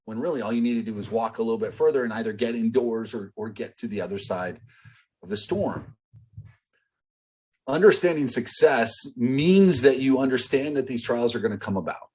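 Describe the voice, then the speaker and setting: A man's voice: mid-range voice, expressive, brisk, a little mellow, slightly rough. A man working as a business coach, teaching a live online group call in a loose, conversational way full of fillers and direct asks to the group. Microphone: video call.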